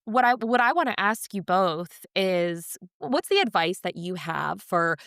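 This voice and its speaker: A woman's voice: medium pitch, expressive, a little slow, a bit bright, no room sound, clean studio sound. Earnest young woman hosting a podcast. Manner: earnest and emotional, blunt wording. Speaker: podcast host. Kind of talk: casual podcast chat.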